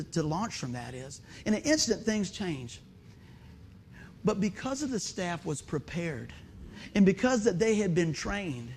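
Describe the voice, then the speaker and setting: A pastor delivers a storytelling sermon in a noticeably high male voice. He punctuates the tale with shouted sound effects and keeps turning to the congregation with questions. A faint hum of noise sits underneath.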